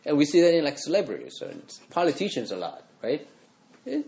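A man's voice: a little high, wildly swooping pitch, fairly quick, darkish tone, dull audio. Earnest male pastor preaching in conversational style. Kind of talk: sermon.

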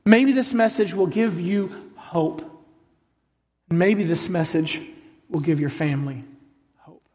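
A man's voice: high-pitched, slow pace, mellow. A man preaching a sermon to a congregation, speaking emphatically and putting questions to the crowd. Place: large hall with congregation. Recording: long hall reverb.

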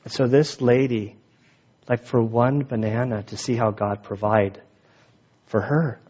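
A man's voice: medium pitch, steady tone, measured pace, dark tone, breathy edge, dull audio. A man preaching a sermon, telling a story in a loose, casual way with many fillers and restarts, then reading a passage aloud while holding back tears. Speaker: pastor.

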